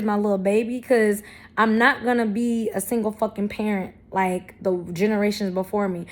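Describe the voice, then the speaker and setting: A woman in her thirties speaks straight to her viewers in a vlog, blunt and heavy with profanity. She leans hard on self-affirmations and spiritual language, her voice at an ordinary pitch for a woman. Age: 30s. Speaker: vlogger. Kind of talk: candid talk to camera.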